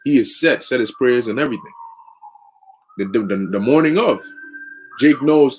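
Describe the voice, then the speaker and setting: A man's voice: mid-range voice, expressive, normal speed, long pauses, darkish tone, faint music behind. A man preaching through a long story in casual, slangy, conversational talk. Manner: conversational, lots of fillers and restarts, slang.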